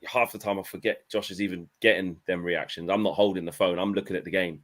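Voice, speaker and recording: A man's voice: deep voice, steady tone, fast, fairly bright tone. Reflective man on a football panel. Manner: reflective, hesitant, many restarts. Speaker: football fan channel host. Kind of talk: casual football panel chat.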